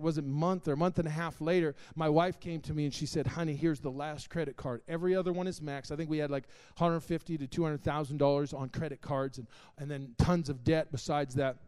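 A man preaching a sermon, telling a personal testimony with strong emotion that swings between hushed confession and loud exclaiming. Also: fairly high pitch, clean tone.

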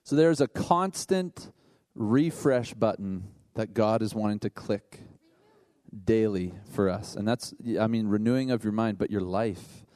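A man who is a worship leader, preaching in a conversational, animated way with asides to the congregation. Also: lowish voice, measured pace, no echo. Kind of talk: sermon.

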